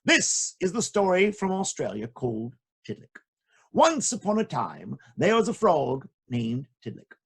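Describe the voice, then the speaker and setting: A man telling folk tales to children in a playful, jokey, expressive way. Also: on the high side, moderate pace, slightly rough. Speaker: children's storyteller. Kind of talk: animated storytelling for children.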